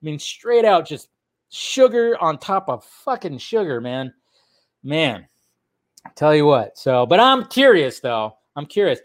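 A man with a fairly high voice hosts a loose, chatty podcast. He rambles through entertainment news, swears freely and keeps circling back with "I tell you what.". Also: very animated, unhurried. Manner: rambling, swearing, filler-heavy, laughs often. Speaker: podcast host. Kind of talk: casual solo news chat.

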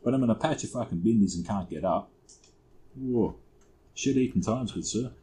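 Young man, Australian accent, low-pitched, casual podcast storyteller, sweary, laid-back. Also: moderate pace, mellow, rough recording. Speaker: podcast co-host.

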